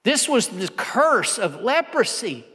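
A man preaching as a pastor, building to impassioned near shouts and then dropping low and quiet. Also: sing-song, slow pace, slightly rough, long reverb tail. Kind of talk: sermon.

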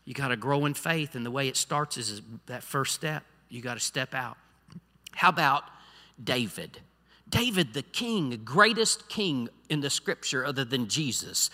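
A man preaching a sermon as pastor, swinging from quiet asides to loud exhortation. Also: mid-range voice, very animated, moderate pace. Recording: long hall reverb.

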